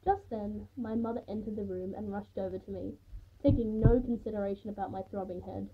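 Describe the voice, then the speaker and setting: A woman's voice: mid-range voice, fairly even intonation, fairly quick, slightly rough. A woman reading her own first-person story aloud in a plain, unpolished way, sometimes restarting a phrase. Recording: tinny phone-like sound.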